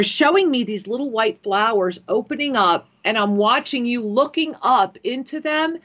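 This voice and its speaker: A woman hosting a call-in show, giving soul readings in a soft, breathy, emotional way that slows down as she channels. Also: a little high, expressive. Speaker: spiritual radio host giving soul readings. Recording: dull lo-fi broadcast audio.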